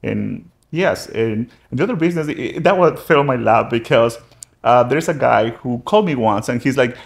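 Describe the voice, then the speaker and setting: Creaky-voiced immigrant businessman telling stories. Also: normal speed. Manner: acts out quoted dialogue with sudden pitch jumps, frequent restarts. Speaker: real estate agent and business owner. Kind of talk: casual interview storytelling.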